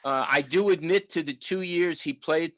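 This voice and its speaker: A seventies-aged man reminisces in a loose, rambling way, full of fillers and restarts. His voice sits a touch higher than most men's. The sound is close and dry, with no room around it. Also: moderate pace, no echo, poor audio. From New York, the Bronx. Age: 70s. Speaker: audience member at a book talk. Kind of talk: casual storytelling.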